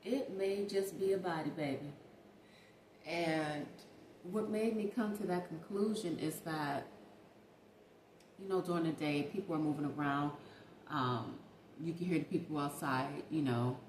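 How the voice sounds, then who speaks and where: A woman vlogger with a low, a little mellow voice tells a casual storytime monologue, unhurried and pausing often. Chatty and emphatic, she speaks straight to viewers, calling them "baby" and "y'all." The room is echoey with faint ambience and slight background noise.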